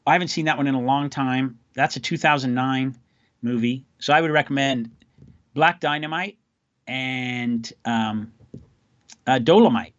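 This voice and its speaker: A man's voice: medium pitch, unhurried, fairly bright tone, no echo, dull audio. A man hosting a podcast, telling stories in a loose, rambling, wry way. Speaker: podcast host. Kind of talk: casual chat.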